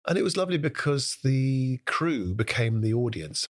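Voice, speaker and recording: A British guest impressionist with a mid-range voice tells stories during a brisk, conversational interview. He is very animated and keeps breaking into different voices.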